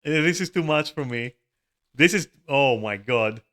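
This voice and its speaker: A man's voice: medium pitch, lively intonation, a little slow, pushed and bright. A man giving live gameplay commentary, swearing often, laughing and exclaiming in dismay. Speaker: gamer streaming a raid.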